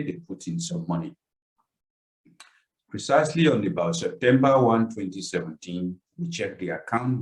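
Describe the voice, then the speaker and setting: A man's voice: sits low, low-quality recording. A man presenting a webinar, earnestly telling a painful personal story with emotional swings; English is not his first language. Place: online webinar call.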